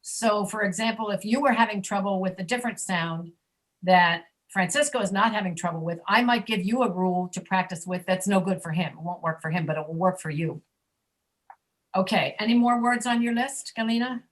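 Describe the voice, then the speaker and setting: A woman teaching an online English pronunciation class, patiently demonstrating sounds slowly and repeating them. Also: medium pitch. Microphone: video call.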